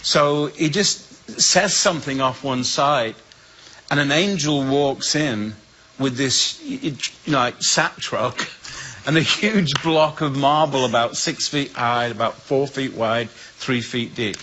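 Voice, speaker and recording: A man with an English accent, a guest speaker telling a humorous personal story with lively voices for the people in it. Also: mid-range voice, takes it slowly, slight background noise, low-quality recording. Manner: lively storyteller who acts out the voices in his tale.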